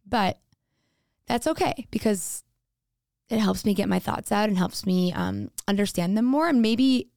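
Young woman, solo podcast host, candid and casual, smooth voice, dry close studio sound. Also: medium pitch, darkish tone, no echo. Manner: candid, casual, thinking aloud. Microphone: studio mic with headphones.

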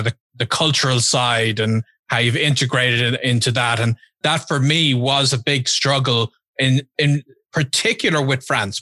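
A man talks in a casual, searching way, pausing on "uh" and "um" as he forms questions. His voice is bright and forward, recorded dry and close. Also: mid-range voice, no room sound. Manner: hesitant, many fillers, curious questioner. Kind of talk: casual podcast conversation.

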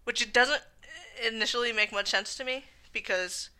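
Woman co-host, very bright voice, easygoing chatty delivery with play-acted quotes. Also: on the high side, moderate pace. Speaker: podcast co-host. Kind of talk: casual chat.

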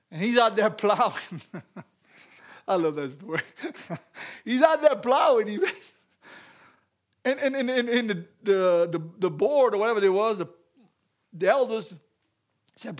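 Guy with a high voice giving a lively church talk, laughs a lot, repeats stuff. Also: slow, long pauses. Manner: animated, laughs often, repeats phrases. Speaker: church speaker. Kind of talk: lively church message with storytelling.

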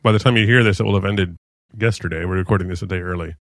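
A man's voice: deep voice, very fast, dry recording. An American man co-hosting a casual tech podcast, dry and matter-of-fact, chuckling now and then. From United States. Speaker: podcast co-host.

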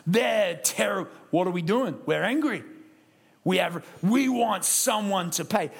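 An Australian man preaching a sermon at a church service, lively and conversational, acting out quick impressions. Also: high voice, creaky.

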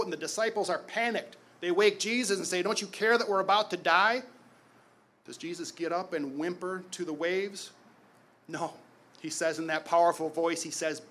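A man in his forties preaching a sermon as pastor, emphatic, swelling loud and then dropping quiet on key phrases. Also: a little high.

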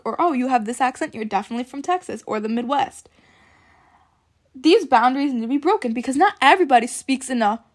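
A young woman hosting a student podcast, giving her opinions in an emphatic, insistent way and repeating points for stress. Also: a little high.

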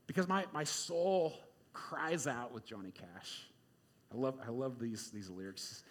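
A male pastor giving a conversational sermon, informal and repetitive, swinging between loud emphasis and quiet asides. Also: medium pitch, measured pace. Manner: informal, repeats words, many "like"s and "right?"s.

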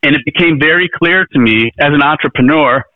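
Here the presidential candidate, a middle-aged interview guest, sounds somewhat high-pitched and a little fast. His account rambles earnestly, full of false starts and filler words. It comes through a tinny, phone-like connection, recorded dry.

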